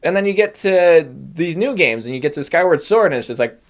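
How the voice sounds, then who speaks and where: Young man, stand-up comedy monologue, rambling, self-mocking, laughs at own jokes, slightly high voice. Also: animated, fairly quick.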